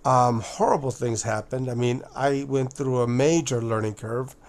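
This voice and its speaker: A man speaking in a casual monologue to his viewers, halting and often restarting or repeating words, calling his listeners "guys". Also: medium pitch, a little mellow. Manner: addresses listeners directly as guys. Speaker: video presenter.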